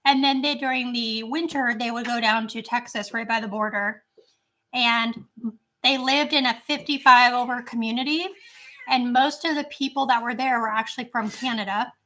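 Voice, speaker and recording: A woman's voice: on the high side, fairly even intonation, moderate pace, pushed and bright. A woman hosting a casual snack-tasting chat at home, rambling with lots of fillers, her voice strained and not at its best. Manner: chatty, rambling with many fillers. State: voice strained, not great right now. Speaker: channel host.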